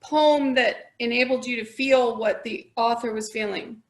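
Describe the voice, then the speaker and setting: A woman taking part in a webinar, answering haltingly as she searches for words. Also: a little high. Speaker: webinar participant.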